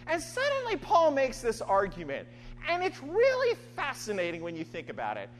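A woman's voice: high voice, huge pitch swings, normal speed. A woman preacher delivering a sermon in an emphatic way, often asking her listeners "right?". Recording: long hall reverb, faint hum.

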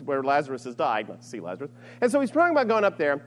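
A man lectures a class on scripture, his voice pitched high and swinging widely as he talks. He keeps it conversational, tossing in quick checks with his listeners. The sound carries a long reverb from a large room. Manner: animated, conversational, frequent "right?" asides. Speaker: teacher.

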